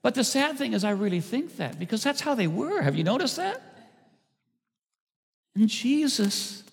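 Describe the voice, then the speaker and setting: A man, a pastor, preaching a sermon, swinging between loud emphasis and hushed asides. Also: very high-pitched, big pitch swings, moderate pace, gravelly, husky. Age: older. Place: church sanctuary. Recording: church hall reverb.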